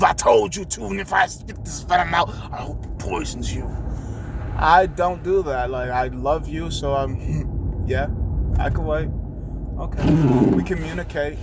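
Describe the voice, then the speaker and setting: A young man with a fairly high voice talks in an earnest, rambling monologue, swearing now and then as he speaks straight to a loved one. He seems to be sitting in a car, and steady road noise runs clearly under his words. It is a casual vlog recording. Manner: earnest, emotional, profane, talking to a loved one. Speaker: vlogger. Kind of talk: rambling spoken-word monologue.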